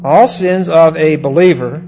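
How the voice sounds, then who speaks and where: A man with a fairly high voice teaches from Scripture in a measured sermon style. He repeats his main points and often stops to ask "okay?" A faint hum sits under the recording. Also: mellow, rough recording. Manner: repeats key phrases and checks in with "okay?". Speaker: Bible teacher. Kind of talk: sermon-style Bible lesson.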